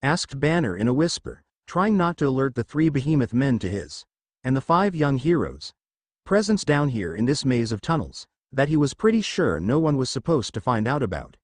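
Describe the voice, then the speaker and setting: A man narrating a fan fiction story aloud in an even reading voice, with his own asides. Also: mid-range voice, moderate pace, no room sound.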